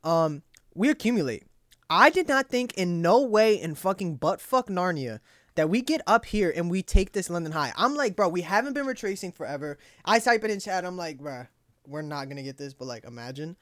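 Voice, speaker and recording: The voice is high and a bit bright, a young man's, recorded with clean studio sound and no room sound. He's a trading journal host casually reviewing his trades out loud, swearing freely while muttering through frustration and pep-talking himself.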